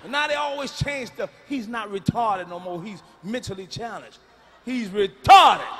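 A middle-aged man working a stand-up crowd, blunt and profane, with a high and cutting voice. His punchlines come out booming. The sound is a live stage mic with a long hall reverb and a faint murmur behind it. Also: sharp tone, slight background noise. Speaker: stand-up comedian. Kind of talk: stand-up routine. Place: large concert venue.

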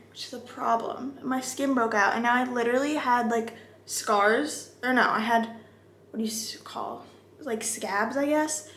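A woman's voice: fairly high pitch, sharp tone, echoey room. Chatty young woman vlogging on her phone. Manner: chatty, filler-heavy, breathy at times. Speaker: travel vlogger. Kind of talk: casual vlog chat. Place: hotel room and car.

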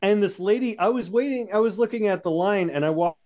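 A man co-hosting a podcast, telling animated stories in casual chat and acting out other people's voices. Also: high-pitched, fast talker. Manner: animated storyteller, acts out voices. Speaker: podcast co-host.

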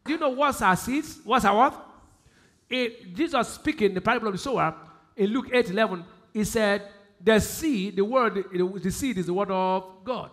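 Male pastor, Nigerian accent, sermon delivery, high bright voice, call-and-response phrasing. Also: normal speed. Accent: Nigerian English. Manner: call-and-response questions, repeats key phrases, swings from loud emphasis to quiet.

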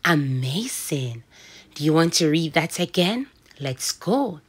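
A woman's voice: deep voice, very animated, takes it slowly, breathy edge. A woman with a Jamaican accent teaching a children's phonics lesson, sounding out letters and words in a sing-song way.

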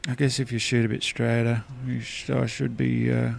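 A man's voice: mid-range voice, level tone, moderate pace, gravelly, faint music behind. A man with an Australian accent, mumbling and rambling through casual gameplay commentary. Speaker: let's play gamer.

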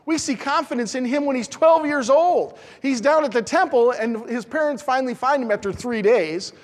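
A man's voice: very high-pitched, moderate pace, big-room sound. A middle-aged man preaching a sermon in a church, earnest and emphatic, repeating phrases for stress. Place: church sanctuary.

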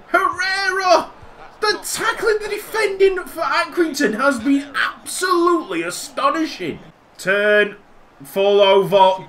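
A young man narrates his football video game with a lively voice that swings up and down. He talks at an unhurried pace in a bright tone, and he gets excitable and shouts at the match. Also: very high voice. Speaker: YouTube gamer.

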